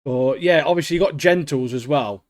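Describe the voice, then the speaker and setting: Excitable man chatting. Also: a little high, moderate pace. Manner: excitable, slangy, keeps saying mate. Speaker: podcast co-host. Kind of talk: casual chat.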